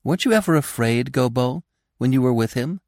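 A man's voice: medium pitch, expressive, fairly quick, darkish tone, no echo, clean studio sound, pitched above the performer's own voice, lightly acted. A man voicing a curious, eager young female deer full of questions.

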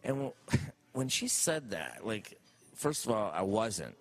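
A male comedian telling a stand-up story in an animated way, acting out the quotes. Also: fairly low pitch, takes it slowly.

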